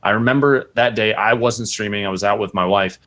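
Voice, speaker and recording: A young adult man, a podcast guest who streams, telling a casual story and animatedly acting out quotes with big jumps in pitch. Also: brisk, pushed and bright.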